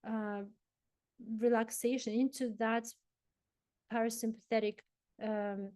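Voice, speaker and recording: Woman sleep coach, gentle and instructive, slightly high pitch, stumbles and restarts. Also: little pitch movement, takes it slowly, no room sound. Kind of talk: guided relaxation talk.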